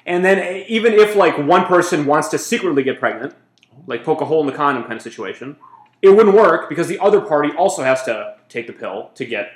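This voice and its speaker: A man's voice: on the high side, lively intonation, fairly quick. Rambling man in an echoey room. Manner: rambling, explaining his idea with restarts. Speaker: podcast co-host. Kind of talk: casual podcast chat.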